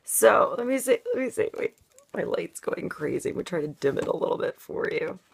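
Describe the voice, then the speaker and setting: A woman's voice: lowish voice, sing-song, brisk, vocal fry, slight background noise. A woman giving a casual tarot reading, rambling with lots of "like" and frequent laughter. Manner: rambling, laughing, heavy use of "like". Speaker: tarot reader.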